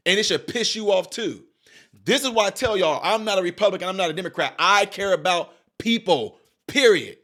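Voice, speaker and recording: A man's voice: high-pitched, animated, fairly quick, sharp tone. A man giving heated reaction commentary, preaching straight at his viewers and hammering home repeated rhetorical questions. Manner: addresses viewers directly as y'all. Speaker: political commentator.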